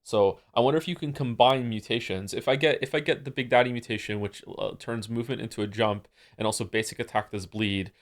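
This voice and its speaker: This man talks fast with hardly any pauses, his voice in the middle range, as he hangs out with his stream chat from home. His casual, rambling talk is packed with fillers and false starts, and his voice is going.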